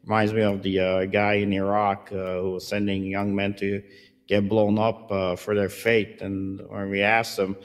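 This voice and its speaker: A low-voiced man hosts an interview in a casual way. He is friendly and halting, and he fills the gaps with frequent "uh"s. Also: monotone. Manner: halting, heavy with fillers, friendly. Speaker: podcast host.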